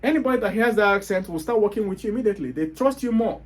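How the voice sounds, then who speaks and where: A man's voice: high-pitched, lively intonation, very fast. A Nigerian man with a Nigerian accent, hosting a motivational monologue and hammering his points home with rhetorical questions. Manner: emphatic, hectoring, rhetorical questions. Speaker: host.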